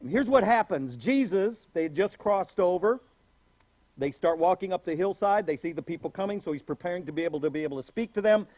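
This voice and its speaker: Man, pastor, very high pitch, animated sermon, dry sound. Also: fairly quick, no room sound. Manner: animated preaching, acting out quoted voices.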